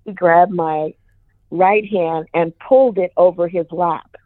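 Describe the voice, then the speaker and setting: An older woman, a jazz singer, telling a personal story in an animated way and acting out the voices of others. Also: slow pace, dry recording. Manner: animated, swings pitch to act out quoted voices. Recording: tinny phone-like dry radio sound.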